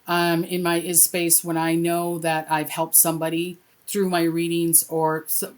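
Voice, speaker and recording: Middle-aged woman guest, slightly low voice, lively storyteller who acts out quotes. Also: measured pace. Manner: animated, acts out quoted dialogue with lively pitch jumps. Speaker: interview guest, spiritual reader. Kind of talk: casual conversational storytelling.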